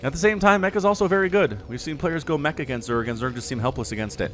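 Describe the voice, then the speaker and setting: A man's voice: fairly high pitch, lively intonation, fast talker, a little hiss or hum. A man casting a strategy game replay in a chatty, jokey way that wanders into asides. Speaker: game caster. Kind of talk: casual video game replay commentary.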